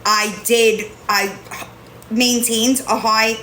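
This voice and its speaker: A young woman chatting casually on a live stream, rambling and often breaking off to coo at her cat in a high baby voice. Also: level tone, drawn-out words, sharp tone, a little hiss or hum. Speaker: livestreamer. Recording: echoey home room.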